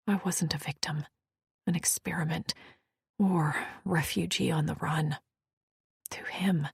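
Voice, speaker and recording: Woman, whispered audiobook narration, intimate and hushed, close dry studio sound, low voice. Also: no echo. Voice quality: breathy, whispered.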